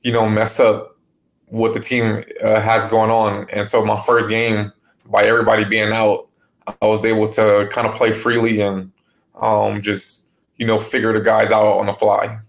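A man speaking as a guest in a casual podcast interview, relaxed, with many fillers and restarts. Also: lowish voice, normal speed, gravelly. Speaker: basketball player guest.

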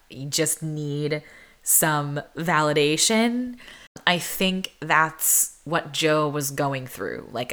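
A woman's voice: low voice, a bit bright, clean tone. A woman, a singer-songwriter casually telling the story behind a song, chatty and candid, with lots of filler words and frequent laughs.

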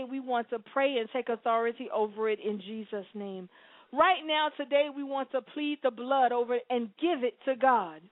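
A woman preaching a sermon and praying aloud, swinging between soft pleading and loud exclamations. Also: high-pitched, no room sound. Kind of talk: sermon and prayer. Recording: dry, phone-like sound.

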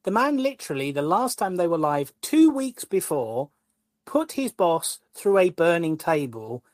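A man, a guest co-host and wrestling columnist, ranting in an animated, exasperated way during casual podcast chat. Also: on the high side, a little slow, no echo.

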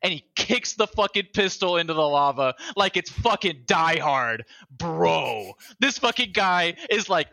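A young man in casual podcast chat, excitable and swearing a lot, acting out lines as he talks. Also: fairly high pitch, a little slow, creaky, hardly any pauses. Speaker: podcast co-host.

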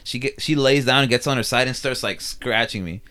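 Casting: young male podcast host, mid-low voice, animated, swears freely, laughs through the story. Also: fairly quick. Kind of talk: casual chat.

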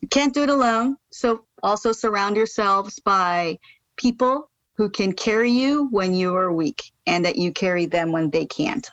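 American woman, animated storyteller, dry dull sound. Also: no room sound. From United States. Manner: lively, rises sharply in pitch when fired up. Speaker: podcast guest, charity founder. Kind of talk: casual interview storytelling.

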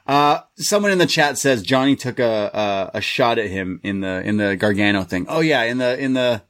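A man's voice: mid-range voice, expressive, moderate pace, fairly bright tone. Laughing male podcast co-host. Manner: laughs often, recaps the show with quoted voices. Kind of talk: casual chat.

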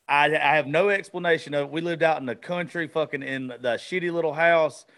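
A man's voice: fairly high pitch, fairly quick, a bit bright. Rambling, swearing podcast host man. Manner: profane, rambling, restarts often. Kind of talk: casual podcast chat.

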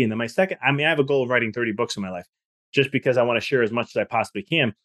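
A man speaking at a fast clip as a podcast guest. He tells stories in an animated way, restarting his sentences often. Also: mid-range voice. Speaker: author and guest. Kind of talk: casual podcast conversation.

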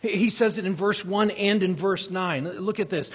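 A man preaching a sermon with earnest emphasis, swinging between loud outbursts and hushed passages, often restarting his words. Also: sits high, steady tone, normal speed, few pauses, slightly rough. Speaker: pastor. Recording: long hall reverb.

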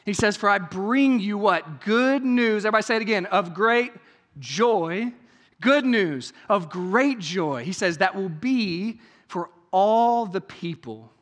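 High-pitched guy preaching, chatty, keeps asking "right?", long echo in the church hall. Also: lively intonation, slow. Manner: conversational preaching with frequent rhetorical questions and "right?"; swings between hushed, intimate passages and raised, emphatic ones. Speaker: pastor. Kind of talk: sermon. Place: church sanctuary.

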